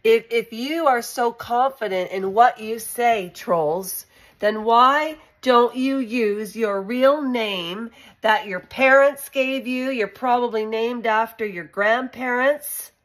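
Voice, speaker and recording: A woman's voice: on the high side, slow, fairly bright tone. A woman with a Canadian accent chatting casually to her viewers in a rambling vlog, calling out viewers by name. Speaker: channel host.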